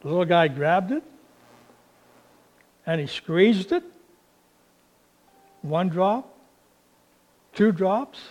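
A male pastor delivers his sermon in a high, light voice. He speaks slowly and leisurely, spinning a homespun story with plenty of "uh"s. The tone is relaxed and conversational. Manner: unhurried, folksy, with fillers.

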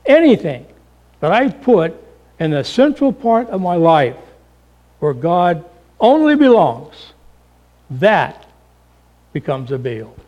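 A middle-aged male pastor preaching a sermon, dramatic, acting out voices and swinging between loud calls and hushed lines, calling the listeners folks. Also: a little high, sing-song, slow, pauses often, muffled recording. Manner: addresses the congregation as folks.

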